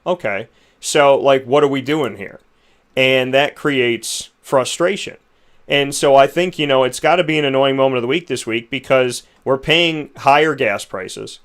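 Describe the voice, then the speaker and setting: A male host talks through his frustrations in loose, rambling commentary. He keeps asking rhetorical questions. His voice is smooth and resonant, at a middle pitch. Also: fairly bright tone. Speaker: show host. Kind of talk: opinion commentary.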